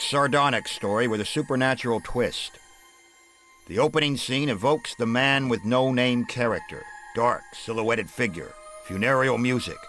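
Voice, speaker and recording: Sardonic, deadpan male narrator. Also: medium pitch, low-quality recording. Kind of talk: satirical film history narration. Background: film score music.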